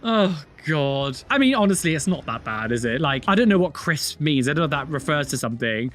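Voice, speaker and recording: Chatty man with a lively voice. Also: a little high. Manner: chatty, opinionated, self-mocking, quick to laugh. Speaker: host reacting to tattoo videos. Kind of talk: casual reaction commentary.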